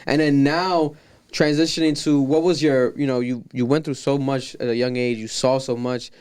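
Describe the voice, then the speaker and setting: A man's voice: medium pitch, flat delivery, normal speed, darkish tone, smooth. A man hosting a podcast, asking a guest questions in casual chat and reacting with short encouragements. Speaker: podcast host.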